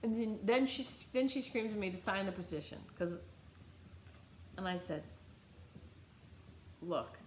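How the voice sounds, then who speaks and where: Blunt, animated middle-aged American woman vlogger, casual storytelling, roomy sound. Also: mid-range voice, a little slow, pauses often, slight background noise. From United States. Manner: blunt, animated, swears freely.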